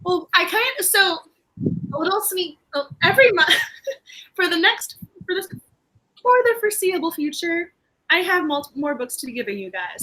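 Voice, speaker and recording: A woman's voice: extremely high pitch, animated, normal speed, sharp tone, poor audio. A woman co-hosting a book club live stream, chatting casually and laughing often.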